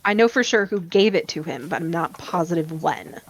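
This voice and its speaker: A woman chatting casually during a group game stream, relaxed and a little hedging. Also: lowish voice, fairly quick, poor audio. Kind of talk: casual chat.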